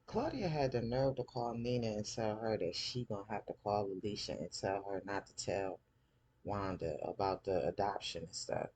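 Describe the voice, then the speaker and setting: Husky male recap host, animated, jumps up to play characters. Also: moderate pace. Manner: animated, acts out characters' lines in raised pitch. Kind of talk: casual TV episode recap.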